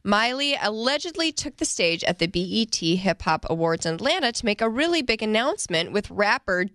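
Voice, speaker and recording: A woman's voice: medium pitch, very animated, brisk, fairly bright tone, dry recording, clean studio sound. A woman reading trending stories in a radio-style segment, laughing often and reading with playful drama. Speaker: trending-topics correspondent. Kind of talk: scripted segment with casual banter.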